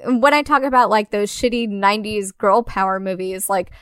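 A woman in casual conversation about a film, animated and profane, acting out characters' lines as she retells scenes. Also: medium pitch, normal speed, smooth, no room sound, clean studio sound. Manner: animated, acts out quotes, profane.

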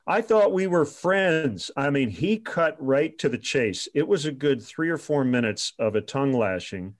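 Middle-aged man, radio sportscaster, casual storytelling, mid-pitched voice, filler pauses. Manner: animated anecdotes, laughing asides, filler pauses.

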